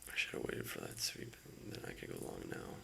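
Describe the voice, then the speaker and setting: During a live stream of his own trading session, a man mutters along in frustration, swearing and frequently dropping to a half-whisper. His voice is pushed and bright, moving fairly quickly.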